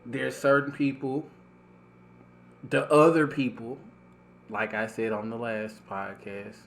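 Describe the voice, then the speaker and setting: Slow, reflective male podcast host. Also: mid-range voice, level tone, creaky, slight background noise. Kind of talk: casual podcast chat.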